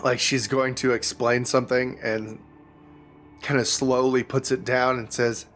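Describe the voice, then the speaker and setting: A man running a tabletop role-playing game as game master, narrating in a halting, unhurried way. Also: mid-range voice, flat delivery, a bit bright. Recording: faint music behind.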